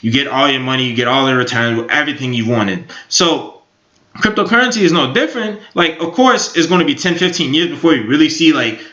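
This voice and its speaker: A man's voice: mid-range voice, lively intonation, a little fast, sharp tone. A man in his twenties giving rambling, upbeat casual commentary on crypto markets, full of fillers. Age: 20s. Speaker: crypto YouTuber. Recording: echoey room, dull lo-fi sound.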